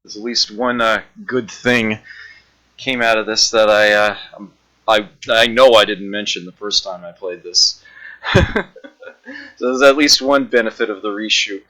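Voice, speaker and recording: A man streaming old arcade games, chatting casually with viewers, laughing often and filling pauses with uhs. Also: on the low side, steady tone, pushed and bright, low-quality recording. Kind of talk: casual gameplay commentary. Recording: backup mic, music behind.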